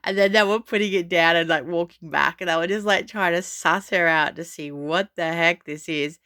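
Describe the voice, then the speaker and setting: A middle-aged woman with a low but bright, crisp voice tells a casual vlog story. She rambles, restarts often and sounds plainly unbothered by others' opinions. The sound is dry and close. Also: moderate pace, dry recording. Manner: chatty and rambling, many fillers and restarts; defiant, unbothered. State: frog in her throat. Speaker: vlogger.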